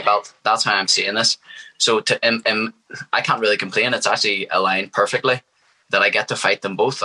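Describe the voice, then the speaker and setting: A man's voice: low voice, sharp tone, poor audio. A young man, a fighter speaking as a guest in a casual interview, confident and hyped. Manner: confident, hyped, trash-talking.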